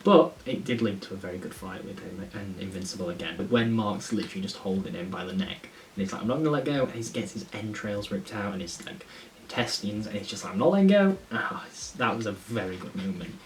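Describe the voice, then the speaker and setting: This comic reviewer speaks low and a little fast in a steady tone, rambling with enthusiasm through a casual review and cursing when he gets fired up. There's faint hiss, and the mic sounds a bit far away.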